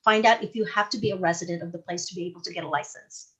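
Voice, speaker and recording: A woman's voice: on the low side, fairly even intonation, rapid-fire, dull audio. A middle-aged woman real estate trainer, teaching a live class in a chatty, folksy way with stories from her work. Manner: conversational, folksy, tells anecdotes.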